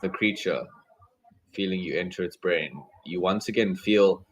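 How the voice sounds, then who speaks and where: A man narrating and running combat as game master, in a relaxed way with many fillers. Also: low voice, normal speed, poor audio.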